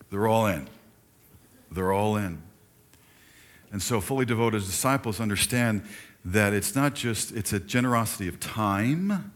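An older man preaching a sermon in a church, talking conversationally and turning to chat with the congregation. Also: on the low side. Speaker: pastor. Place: church sanctuary.

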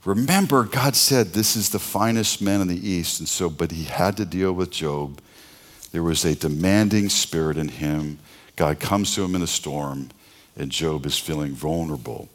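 A middle-aged man preaching a sermon, telling personal stories with asides and rhetorical questions. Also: sits low. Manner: conversational storytelling with pauses, asides and rhetorical questions. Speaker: pastor.

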